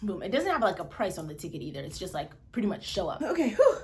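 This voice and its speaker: A young adult woman vlogger telling a story in an animated way, full of fillers and acted-out quotes. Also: medium pitch, quick pace. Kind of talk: casual storytelling.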